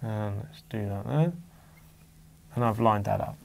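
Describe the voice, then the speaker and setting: A man's voice: on the low side, measured pace, gravelly, slight background noise. A man teaching an exam-focused chemistry lesson, patiently walking through diagrams and leaning hard on key words.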